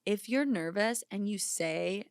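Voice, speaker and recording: Chatty woman with a smooth voice. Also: medium pitch, no echo, clean studio sound. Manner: chatty, quick asides, many fillers. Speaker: podcast guest. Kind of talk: casual chat. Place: studio.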